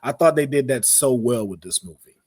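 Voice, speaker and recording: A man hosting a casual podcast chat, talking in slangy, animated bursts and acting out quotes in playful voices. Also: medium pitch, fairly quick, husky. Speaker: podcast host.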